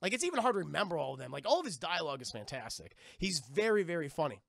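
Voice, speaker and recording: A man streaming, casually retelling a film to chat in an animated, profane, rambling manner, in a dry close-mic room. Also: fairly high pitch, very fast, creaky, dry recording.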